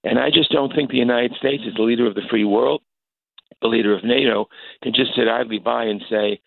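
An older man, a congressman, answering interview questions over the phone, halting with many fillers and restarts. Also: medium pitch, fairly even intonation, vocal fry, no echo. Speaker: congressman guest. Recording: tinny phone line.

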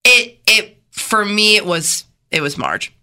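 A woman cohosting a morning radio show, chatty and emphatic, with quick asides. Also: mid-range voice, sing-song, sharp tone. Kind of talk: casual radio banter.

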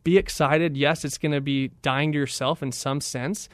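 Recorded dry, a radio guest who works as a training director talks at a moderate pace in a slightly high voice. The young man is an enthusiastic, animated storyteller, giving a motivational talk and imitating the people in his anecdotes.

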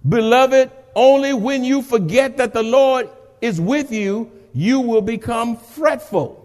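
A man preaching a sermon, reading scripture and calling on the congregation to repeat after him, swinging from hushed lines to shouts. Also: extremely high pitch, slow. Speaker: pastor. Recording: long hall reverb.

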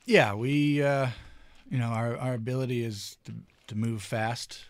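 A man's voice: medium pitch, measured pace, dry recording. A man who co-owns a restaurant, answering interview questions in an easygoing way with many filler words. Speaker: restaurant co-owner, guest.

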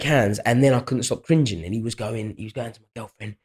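London fighter telling chatty stories. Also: male voice, fast talker. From England. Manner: chatty storyteller, acts out quotes in a higher voice. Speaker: UFC fighter guest. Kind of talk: casual podcast interview.

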